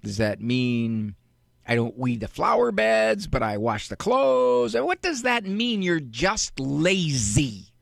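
A man hosting a call-in advice radio show, teaching in a deliberate way and firing off rhetorical questions. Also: sits high, big pitch swings, vocal fry, dry recording, studio quality.

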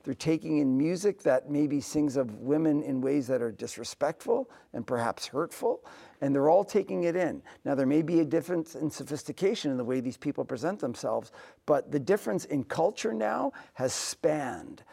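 A middle-aged man, a composer being interviewed, telling stories earnestly and sometimes dropping to a soft near-whisper for emphasis. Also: fairly high pitch, lively intonation, moderate pace, vocal fry. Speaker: composer and musician guest. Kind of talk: conversational interview storytelling.

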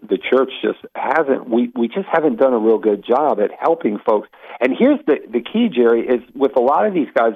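A man, a Catholic apologist, telling stories as a guest on a radio interview, full of restarts and asides. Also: on the low side. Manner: animated storyteller with many restarts. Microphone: phone call into radio show. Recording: tinny phone line.

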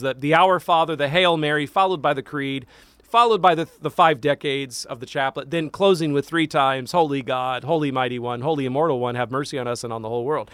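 A man, a priest hosting a call-in radio show, answering listener questions with animated, emphatic teaching in a studio. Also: a little high, brisk, dry recording. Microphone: studio mic.

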